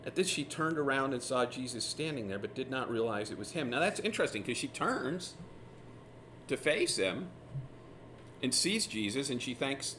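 A man teaching through a Bible passage in a relaxed, conversational way, retelling the scenes with lively asides. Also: mid-range voice, normal speed, slight background noise. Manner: casual, animated retelling of scripture scenes.

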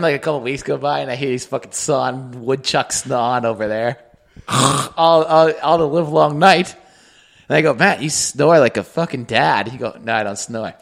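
A man's voice: medium pitch, creaky. A man co-hosting a podcast in casual chat, teasing his friend and laughing easily. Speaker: podcast co-host.

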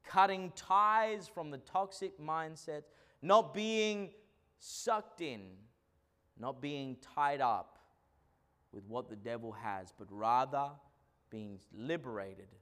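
A man preaching a sermon as pastor, swinging between loud declarations and quiet asides. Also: fairly high pitch, expressive, slow pace.

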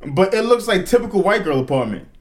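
Animated, teasing man co-host. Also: high voice, fast. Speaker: podcast co-host. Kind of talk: casual chat.

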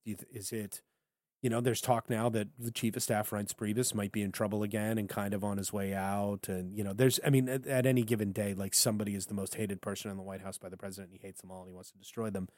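A man co-hosting a podcast in casual political banter, animated and jokey, slipping into funny voices for quotes. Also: lowish voice, fast, dry recording. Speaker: podcast co-host.

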